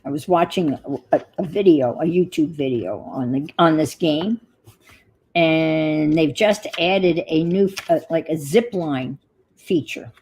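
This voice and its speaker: A woman's voice: low voice, a little slow, darkish tone, husky, poor audio. An older woman hosting a crafting livestream, chatting casually and muttering to herself as she works. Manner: talks to herself while working, muttering asides.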